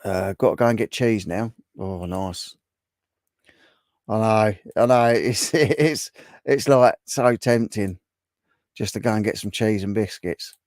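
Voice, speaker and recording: A man's voice: lowish voice, measured pace, darkish tone, dry recording, studio quality. A middle-aged man hosting a casual livestream and chatting back to viewers' comments. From England. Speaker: livestream host. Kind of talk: casual live chat.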